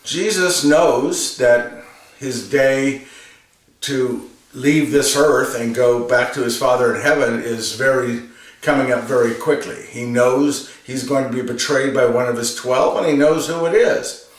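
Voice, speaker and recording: A man's voice: medium pitch, measured pace, echoey room, far from the mic. A man giving an earnest homily, repeating phrases for emphasis. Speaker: religious reflection presenter.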